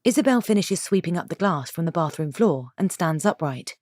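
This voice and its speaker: A woman reading a story aloud as the narrator, at a steady, descriptive pace. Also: lowish voice, brisk, dry recording, clean studio sound.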